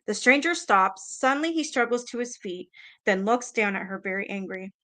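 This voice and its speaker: A woman reading a book aloud to her viewers, with casual reactions in between. Her voice is bright and forward at a middling pitch. She stumbles, breaks off and swears as she goes. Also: lively intonation, normal speed.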